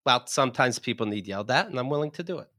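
Blunt, defensive man, bright voice. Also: mid-range voice, expressive, very fast, no echo, studio quality. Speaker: talk show host. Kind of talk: combative casual chat.

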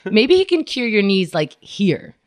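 A woman's voice: mid-range voice, very animated, a little slow, background noise. Woman, podcast co-host, casual chat, laughs a lot, mimics people she quotes.

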